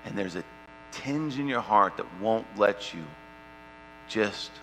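A man preaching a sermon and telling a personal story, shifting between loud, lively stretches and quiet, hushed ones. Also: on the low side, slow. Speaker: pastor. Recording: long hall reverb, faint mains hum.

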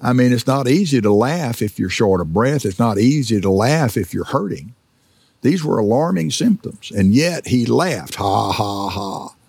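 A male preacher with a gravelly, husky voice delivers a storytelling sermon. He talks in a mid-pitched tone full of "uh"s and restarts, and now and then he acts out laughter. The sound is dry and close, with no room echo. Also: expressive, normal speed, a little mellow. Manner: storytelling with many fillers and restarts; acts out laughter while telling stories. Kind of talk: sermon teaching.

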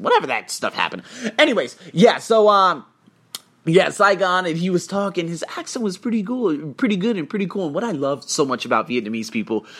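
A man's voice: fairly high pitch, a bit bright. A man casually recapping his travels as a vlogger, rambling and storytelling with lots of fillers, talking from indoors on a rainy day. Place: indoors in a hotel room during rain.

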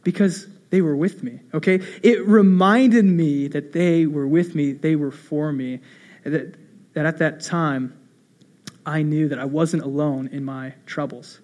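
High-voiced man preaching, hushed to emphatic. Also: a little slow. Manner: storytelling with rhetorical questions, swinging between hushed and emphatic. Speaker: pastor. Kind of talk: sermon.

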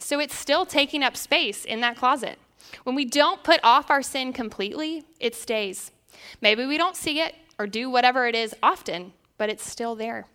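A young woman with a Southern accent teaching a women's Bible study in an earnest, measured way, reading scripture aloud. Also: on the high side, sharp tone.

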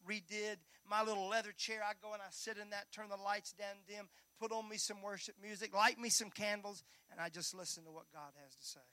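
Animated preacher, high bright voice. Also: male voice, no echo. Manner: animated preaching, swinging from loud calls to hushed near-whispers; folksy, joking asides to the congregation. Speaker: pastor. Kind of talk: sermon.

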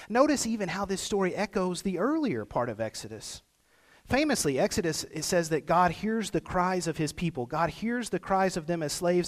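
A man with a somewhat high voice preaches a sermon in an easy, conversational way, dropping in fillers and little asides. His voice rings out with the long reverb of a large church sanctuary. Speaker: pastor.

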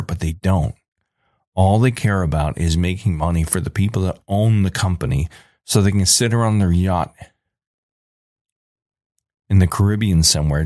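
A man's voice: low-pitched, a little mellow, dry recording, studio quality. A man in his forties delivering an angry, emphatic ranting monologue as a podcast host.

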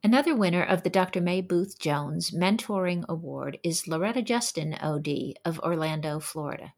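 A woman hosting a special edition, reading a measured, scripted introduction of an award winner. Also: on the low side, expressive. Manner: measured, formal read.

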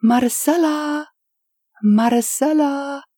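A woman voicing an excitable, gushing middle-aged woman tourist who talks in a high, eager rush. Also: slow pace, no echo, studio quality. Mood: excited.

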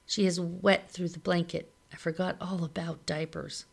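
Low, gravelly-voiced woman reading aloud. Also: level tone, normal speed. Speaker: reader of a novel.

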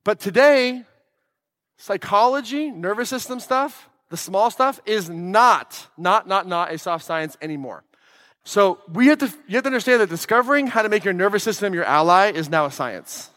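A man's voice: sits high, animated, moderate pace, fairly bright tone, big-room sound. A man giving an emphatic, blunt motivational talk to an audience, swearing freely and asking questions of the room. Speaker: podcast host giving a talk.

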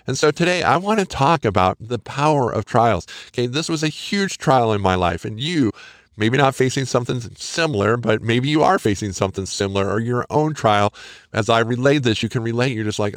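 A man's voice: mid-range voice, animated, moderate pace, dry recording, studio quality. A middle-aged man hosting a solo podcast, talking in an earnest, encouraging, conversational way. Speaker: podcast host. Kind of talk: casual solo podcast monologue.

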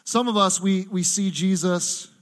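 A man preaching a sermon in a church, animated and acting out the voices he quotes. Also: sits high, a little slow. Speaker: pastor.

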